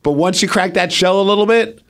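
A man's voice: high voice, brisk. A man co-hosting a podcast, telling a long story in casual chat and acting out what others said. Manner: animated, acts out quotes of others. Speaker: podcast co-host.

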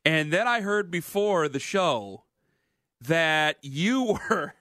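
Male sports talk host, animated teasing banter, bright tone. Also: fairly high pitch, takes it slowly, dry recording, studio quality.

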